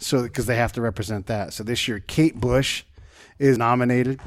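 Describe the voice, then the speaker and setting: A man's voice: medium pitch, steady tone, moderate pace. A man hosting a podcast, chatting casually and rambling with lots of "like". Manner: rambling, laughs along, says "like" a lot. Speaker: podcast host. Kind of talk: casual chat.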